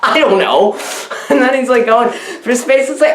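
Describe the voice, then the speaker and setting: A woman's voice: high-pitched, brisk, echoey room. A woman giving a mock-enthusiastic comedic film review, rambling and giggly, heaping over-the-top praise.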